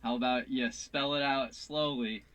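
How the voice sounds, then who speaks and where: A man in a played clip, delivering a quick, earnest monologue full of wordplay. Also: mid-range voice, fairly even intonation, fairly bright tone. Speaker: conspiracy commentator in a clip. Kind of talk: rapid monologue.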